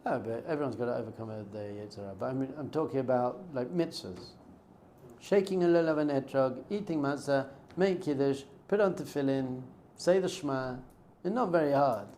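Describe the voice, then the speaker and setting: A rabbi with a warm, medium-pitched voice gives a casual class, storytelling and acting out lines of dialogue. A little background noise can be heard.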